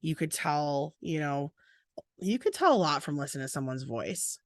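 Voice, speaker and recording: Low-voiced woman co-hosting a podcast, chatty, deadpan jokes, dry close sound. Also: moderate pace, no echo. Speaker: podcast co-host and former teacher, now librarian. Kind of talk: casual podcast chat.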